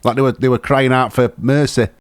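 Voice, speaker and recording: A man's voice: mid-range voice, fairly even intonation, fairly quick, no echo. A man co-hosting a podcast, teasing and mocking his friend in casual banter. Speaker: podcast co-host. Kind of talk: casual chat.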